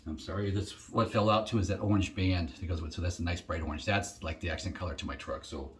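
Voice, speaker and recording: A middle-aged man with a very low, deep voice talks through an unboxing in a relaxed vlog. He rambles and thinks aloud, often pausing on an um before carrying on. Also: a little hiss or hum. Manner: rambling, chatty, thinks aloud with many ums. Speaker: shaving vlogger.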